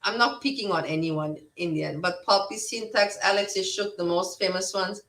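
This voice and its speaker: A woman's voice: mid-range voice, moderate pace, a bit bright, roomy sound, far from the mic, poor audio. A woman hosting a casual livestream chat, rambling and blunt, swearing freely. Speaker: livestream host.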